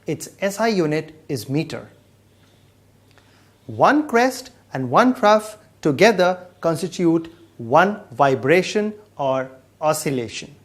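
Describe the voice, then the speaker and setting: A man's voice: fairly high pitch, sing-song, slow, breathy edge. A man patiently explaining sound waves in a scripted educational dialogue. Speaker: science explainer.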